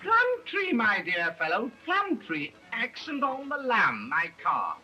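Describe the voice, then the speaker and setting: A fussy, genteel lord flutters through his lines in a 1930s screen comedy. The voice is high and very bright, swooping wildly from note to note. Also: wildly swooping pitch, moderate pace, faint music behind, full character voice. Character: fussy upper-class lord, genial and fussy. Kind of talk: 1930s film comedy acting.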